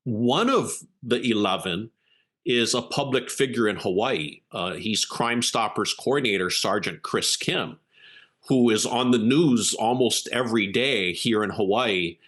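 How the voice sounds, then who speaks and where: A man's voice: lowish voice, measured pace. A man, a keynote speaker and executive coach, telling an earnest story as an interview guest and acting out the quotes. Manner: earnest, animated storyteller who acts out quotes.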